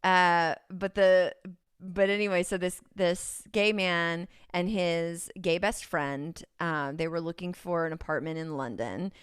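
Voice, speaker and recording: A woman's voice: fairly low pitch, measured pace, clear, resonant tone, dry recording, studio quality. A woman with a Californian accent, a podcast guest who rambles and giggles through casual chat, full of ums. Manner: rambling, giggly, many fillers.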